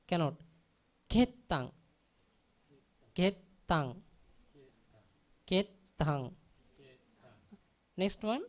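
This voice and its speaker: Female teacher, slow deliberate delivery, repeats each word in drills, keeps asking if students follow. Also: fairly low pitch, big pitch swings. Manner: drills pronunciation by repeating words, often checks understanding. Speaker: Pali teacher. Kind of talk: classroom language lesson.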